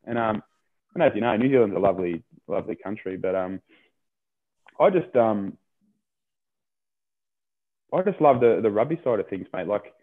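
A man's voice: lowish voice, expressive, normal speed, pauses often. Australian man on a tinny line. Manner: rambling, repeats words, says "mate" often. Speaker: rugby player guest. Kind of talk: casual interview chat. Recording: tinny phone-line sound.

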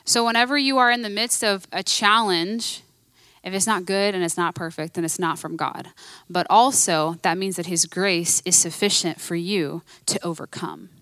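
A woman's voice: fairly low pitch, moderate pace, fairly bright tone, dry recording. A woman preaching a sermon in a conversational, emphatic way, repeating her key phrases.

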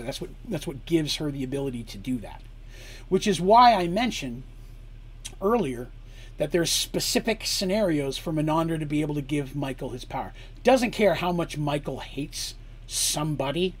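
A man's voice: a little high, normal speed, slightly rough. A man acting as game master, narrating a tabletop campaign story and breaking off to explain the rules and lore.

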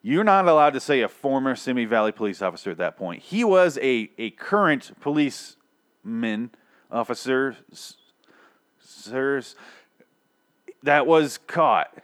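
A man's voice: medium pitch, expressive, a little slow, a bit bright. Profane, exasperated man ranting. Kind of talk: casual comedic rant.

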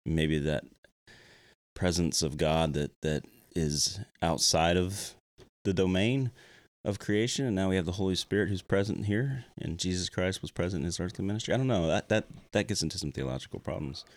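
Deep-voiced halting podcast host. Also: male voice, no room sound. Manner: halting, many restarts and fillers. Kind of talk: casual faith discussion.

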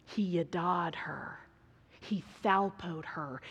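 A woman preaching a sermon, dramatic and swinging between hushed whispers and loud emphasis. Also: mid-range voice, slow pace, long pauses. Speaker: speaker preaching to a women's gathering. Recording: long reverb of a large hall.

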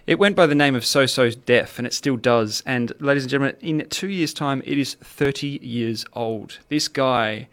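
A man's voice: medium pitch, normal speed, few pauses, fairly bright tone. A man hosting a music podcast in a playful, chatty way with jokey asides. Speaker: podcast host. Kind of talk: casual music podcast chat.

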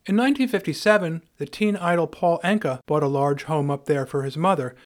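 A man's voice: a little high, fairly quick. A man hosting a podcast, narrating a scripted story in a wry, dryly humorous way. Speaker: podcast host.

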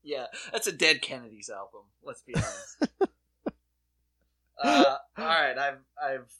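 A man co-hosting a casual comedic chat, excitable and sarcastic, acting out his own reactions. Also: medium pitch, measured pace. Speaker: podcast co-host.

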